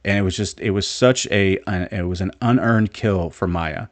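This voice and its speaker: A man's voice: low voice, normal speed, no echo. A man casually reviewing a TV episode, rambling with many restarts, frank and mildly exasperated. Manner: rambling, frequent restarts and filler. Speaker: show reviewer.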